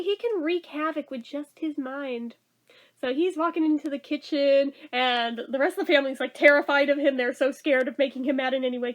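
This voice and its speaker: A woman with a high, fairly bright voice gives a casual spoken review of a TV episode. She is chatty, laughs often, and says "like" in almost every sentence.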